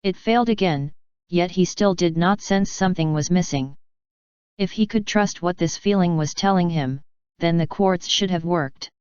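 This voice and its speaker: A woman narrates a story with a steady, even delivery. Her voice is sits a little low and is exceptionally clean. The recording is dry with a somewhat dull, lo-fi tone. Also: moderate pace, clear, resonant tone, no room sound. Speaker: fanfiction reader. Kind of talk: audiobook narration.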